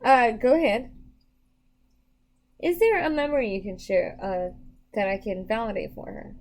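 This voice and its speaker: A young adult woman giving psychic readings on a live stream, chatting casually with viewers, emotional and quick to laugh. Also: medium pitch. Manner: emotional, chatty, laughs often, self-deprecating.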